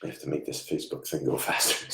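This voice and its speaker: Deep gravelly man in an echoey room. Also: slight background noise. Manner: soft-spoken, halting, often trails off quietly. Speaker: psychic medium. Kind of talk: live online reading.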